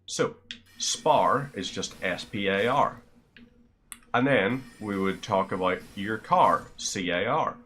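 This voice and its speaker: A man's voice: fairly low pitch, animated, takes it slowly, a bit bright. A man with a Northern Irish accent chatting casually to his viewers while streaming a game, rambling and friendly. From Northern Ireland.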